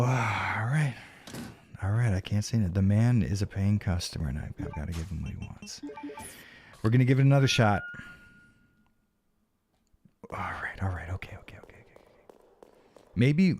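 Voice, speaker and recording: A man's voice: sits low, dark tone, slight background noise. A man streaming a game live, frustrated and swearing as he chats with viewers and thanks donors, his voice starting to wear out. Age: adult. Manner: frustrated, swearing, talking to chat. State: voice starting to go hoarse. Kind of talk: live gameplay stream chat.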